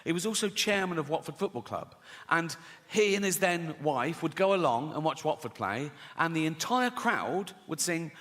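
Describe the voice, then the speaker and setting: A man's voice: on the high side, expressive, normal speed, a bit bright. A middle-aged man doing a sweary stand-up routine, telling stories with constant "right?" tag questions. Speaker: stand-up comedian. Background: audience laughter.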